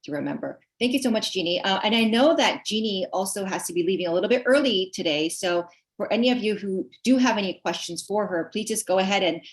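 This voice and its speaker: A woman's voice: medium pitch, expressive, fast talker. A woman moderating a webinar panel. She thanks the speakers and asks them questions, with many "um"s and "you know"s. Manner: warm thanks, hesitant with many fillers.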